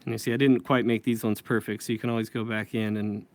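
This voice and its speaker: A man's voice: fairly low pitch, flat delivery, fast talker. A man teaching comic inking in a casual tutorial, thinking aloud and correcting himself as he works. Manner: thinking aloud while working, self-correcting. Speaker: comic book inker.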